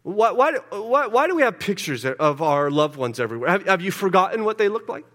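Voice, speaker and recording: High-voiced pastor preaching in a reverberant church. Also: male voice, big pitch swings, fairly quick. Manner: repeats words, swings from loud urgency to hushed. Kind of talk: sermon. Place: church sanctuary. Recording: long hall reverb.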